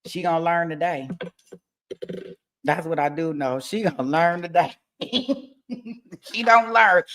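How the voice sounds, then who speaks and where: A woman with a bright, forceful voice hosts a loose livestream about a court case. She talks in a lively, joking way, breaks into laughs and acts out scenes of tearful testimony. The tone is chatty and unscripted. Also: lowish voice, measured pace, long pauses. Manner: animated, laughing, acts out mock crying testimony. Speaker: true-crime trial commentary host. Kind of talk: casual livestream commentary.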